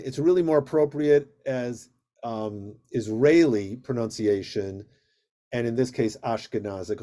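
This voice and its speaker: A male rabbi with a medium-pitched voice teaches a Hebrew reading class over a video call. He stays patient and steady, stretching out vowel sounds during drills.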